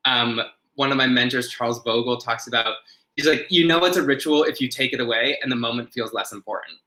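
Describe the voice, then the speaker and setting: A man's voice: medium pitch, fairly quick, sharp tone, rough recording. A man who is a podcast guest, earnestly explaining ideas and often restarting his phrases. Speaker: podcast guest, ritual designer.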